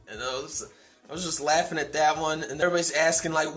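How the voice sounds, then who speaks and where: Rambling young man recapping a comic, soft music. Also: on the high side, steady tone, fairly quick. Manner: rambling, many fillers and restarts, amused. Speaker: manga review vlogger. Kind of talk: casual spoken chapter recap.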